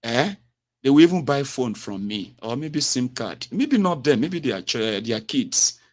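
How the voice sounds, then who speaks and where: A man's voice: medium pitch, sing-song, unhurried. A middle-aged man hosting a radio call-in show, expansive and repetitive, tagging his points with "eh?" and "you know". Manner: expansive, repeats himself, tags lines with "eh?" and "you know". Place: home radio studio.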